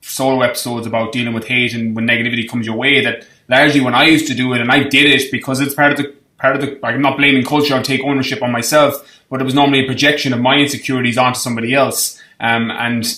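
A man's voice: mid-range voice, flat delivery, fast talker, hardly any pauses, sharp tone, roomy sound. A man hosting a podcast, encouraging his guest and often chiming in to agree. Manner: encouraging, with frequent agreeing interjections. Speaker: podcast host. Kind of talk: casual interview chat.

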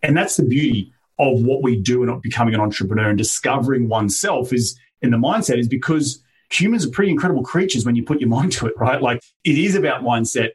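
Australian man in his thirties, talkative podcast guest, easy laugh, mid-pitched, mic a bit far off. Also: expressive, quick pace, few pauses. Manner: upbeat, talkative, laughs easily. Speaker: guest entrepreneur. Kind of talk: podcast interview storytelling. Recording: voice a little distant from the mic.

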